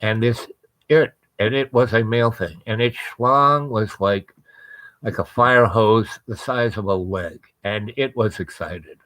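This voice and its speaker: A man's voice: fairly low pitch, measured pace, fairly bright tone, dry recording, rough recording. A man hosting a show, telling a personal story in a casual, rambling way with frequent restarts and asides. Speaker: host.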